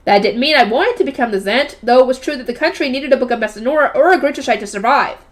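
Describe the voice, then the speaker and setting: A young woman reading a novel aloud and breaking off into chatty, loud reactions and questions to her audience. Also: sits high, fast talker. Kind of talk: book reading with casual commentary.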